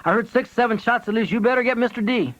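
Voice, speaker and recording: A man's voice: very high-pitched, fairly bright tone, voice pushed up. A man voicing a shopkeeper urgently phoning in news of a shootout. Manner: urgent, hurried. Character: excited shopkeeper reporting gunfire. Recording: dull lo-fi tape audio.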